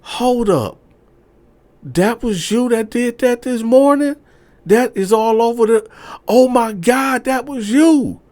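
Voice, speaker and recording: A man voicing a frightened young girlfriend, talking in a high, urgent, shrill voice. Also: animated, normal speed, few pauses, darkish tone. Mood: alarmed.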